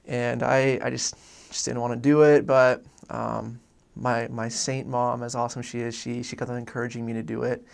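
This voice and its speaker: This young adult man from Oregon is a returned missionary giving a casual personal testimony. He speaks at a normal speed, earnest and rambling, with frequent restarts and fillers. His mid-pitched voice is flat and steady, threaded with gravelly vocal fry.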